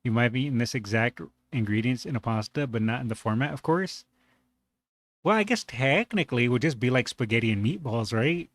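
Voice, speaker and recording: A man hosting a reaction video, musing aloud in a relaxed way and laughing easily. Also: medium pitch, fairly quick, dry recording. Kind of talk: casual reaction commentary.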